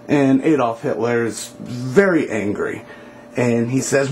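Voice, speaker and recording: A man telling a story casually to viewers, relaxed, with fillers like "um" and "like". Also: mid-range voice, measured pace, a little hiss or hum.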